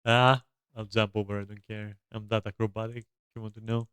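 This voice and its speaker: A man's voice: on the low side, flat delivery, brisk, a bit bright, clear, resonant tone, dry recording. A young man streaming a video game, chatting casually to his viewers in a rambling, swearing, laugh-prone way. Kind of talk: casual gameplay commentary to chat.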